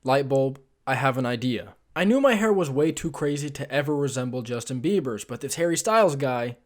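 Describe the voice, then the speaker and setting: A young male vlogger with a mid-range voice tells a comic storytime about his past, talking briskly with lively intonation. He's casual and self-mocking, dropping frequent ums and uhs.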